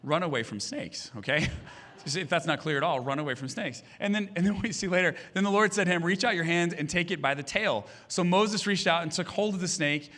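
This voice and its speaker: Bright-voiced pastor preaching with humor. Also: male voice, high voice, brisk. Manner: humorous storytelling, acting out voices. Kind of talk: sermon. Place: church stage.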